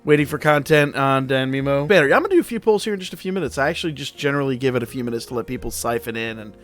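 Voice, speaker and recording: A man's voice: mid-range voice, animated, very fast. Profane rambling streamer guy. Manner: rambling, profane, answers chat. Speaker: game streamer. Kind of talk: casual live-stream chat. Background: faint background music.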